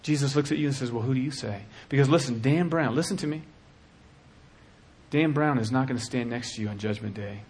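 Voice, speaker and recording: A man preaching a sermon with passion, dropping to a hush and then rising to shouting. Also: medium pitch, fairly quick, slight background noise. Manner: impassioned, swings from hushed to shouting.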